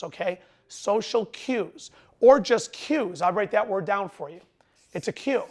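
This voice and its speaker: Worn out after a long lecture, a middle-aged sales trainer still delivers a fast, emphatic direct-to-camera lesson in a high, bright voice. Now and then his words blur together, and tiredness lingers under the energy.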